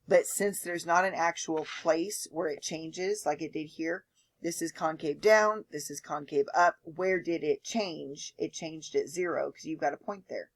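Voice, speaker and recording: A woman teaching a math lecture, explaining step by step and often checking in with "okay?". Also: low-pitched. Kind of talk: lecture with board work.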